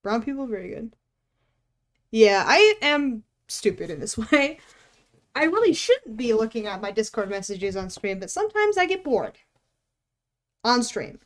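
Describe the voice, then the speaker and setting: A woman's voice: on the high side, big pitch swings, a little slow, pauses often. A woman streaming while she draws. She chats casually, teases herself, swears offhandedly and laughs often. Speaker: art streamer. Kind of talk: casual live-stream chat while drawing.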